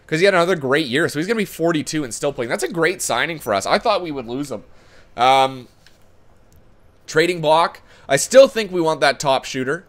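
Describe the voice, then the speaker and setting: A man's voice: a little high, animated, brisk, fairly bright tone. A man giving casual commentary on a sports management game, chatty and thinking aloud, often correcting himself as he goes. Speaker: gaming YouTuber.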